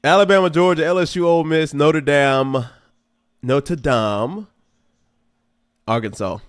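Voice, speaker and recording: A man's voice: fairly high pitch, a little slow, clean tone. A young man hosting a casual live football watch stream, commenting on the game and talking back at it, climbing into exasperated outbursts. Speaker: livestream host.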